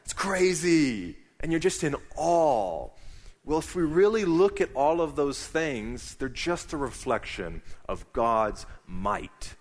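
A man's voice: fairly high pitch, sing-song, takes it slowly, long reverb tail. A middle-aged man preaching a sermon as pastor, conversational and emphatic.

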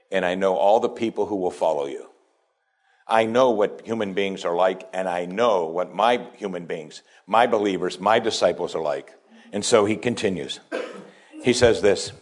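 A man's voice: low voice, moderate pace. Man preaching with dramatic emphasis. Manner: preaching with wide swings between hushed asides and raised, emphatic lines. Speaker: pastor. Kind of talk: sermon.

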